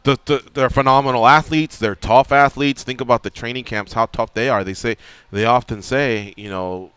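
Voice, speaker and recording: A man hosting a sports radio show, explaining fights in an animated, emphatic way. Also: medium pitch, normal speed, smooth, no echo. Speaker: radio host.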